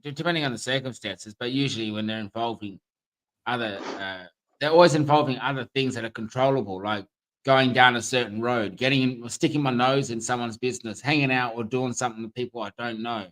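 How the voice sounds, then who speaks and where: A man in casual chat who talks haltingly, restarting and trailing off. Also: mid-range voice, fairly bright tone, poor audio.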